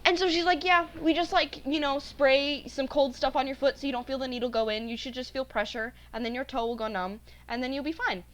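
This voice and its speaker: Young woman telling animated stories. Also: sits high, fairly quick, few pauses. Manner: animated storytelling, acting out quoted voices. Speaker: podcast co-host. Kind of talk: casual chat.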